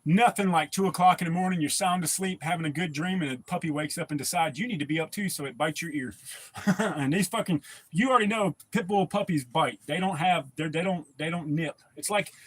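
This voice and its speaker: A man's voice: a little high, brisk, husky, dry recording. Laid-back profane sounding man. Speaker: livestream host. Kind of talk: casual chat reading viewer comments.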